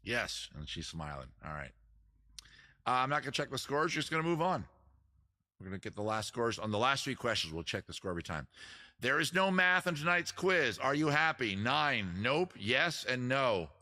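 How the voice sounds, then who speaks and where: Animated man hosting a joking quiz. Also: medium pitch, normal speed. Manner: joking, teasing, crude asides. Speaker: host running a trivia quiz. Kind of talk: casual live-stream quiz hosting.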